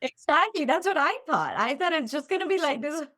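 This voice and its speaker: A woman in her forties, a podcast guest, telling a personal story in a relaxed, animated way and acting out what she said back then. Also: high-pitched, brisk. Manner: animated, acts out her own past lines. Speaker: podcast guest, physical therapist. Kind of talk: casual storytelling in interview. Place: lived in the Midwest.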